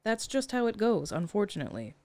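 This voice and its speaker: A young woman casually recapping a film with a friend, talkative and quick to laugh. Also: medium pitch, sing-song, a little mellow, dry recording. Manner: chatty, laughs often, recaps with filler words. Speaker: podcast co-host. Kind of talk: casual chat.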